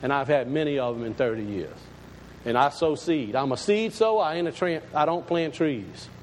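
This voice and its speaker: A man's voice: fairly high pitch, animated, moderate pace, long reverb tail, a little hiss or hum, poor audio. A man, a pastor, preaching a sermon in a folksy, plain-spoken and emphatic way.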